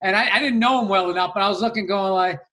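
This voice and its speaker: A middle-aged comedian chats loosely on a podcast, circling back on himself with fillers and self-mockery. His voice sits high for a man and has a bright, forward tone. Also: fast. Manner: rambling, self-deprecating, full of restarts and fillers. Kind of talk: casual chat.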